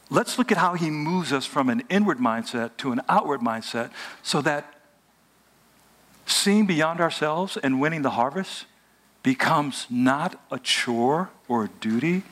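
A man preaching a sermon as pastor, in an animated, humorous, conversational way. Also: medium pitch.

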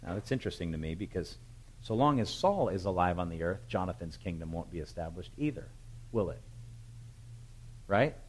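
A man preaching a sermon, retelling a Bible story with animated, emphatic storytelling. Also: low voice, moderate pace, pauses often, husky, poor audio. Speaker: pastor.

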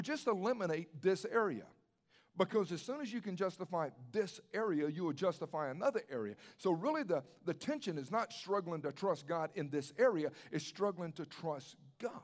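A man's voice: high-pitched, lively intonation, moderate pace. A man pastor preaching a sermon in a conversational way, asking rhetorical questions and repeating his key phrases for emphasis.

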